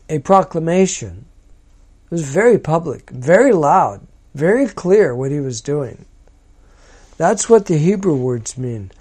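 A man teaching from a psalm in a slow, deliberate, emphatic manner. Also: fairly high pitch, very animated, warm tone. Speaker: preacher.

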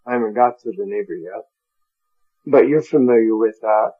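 A man's voice: fairly low pitch, normal speed, husky, muffled recording. A man teaching a Bible study, carefully sounding out Greek words and chuckling at his own stumbles over hard terms. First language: English.

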